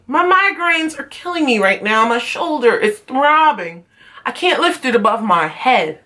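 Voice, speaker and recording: A young woman venting in a heated, profane vlog rant, telling her story with animated swings of feeling. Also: high-pitched, measured pace. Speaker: vlogger, former beauty school student.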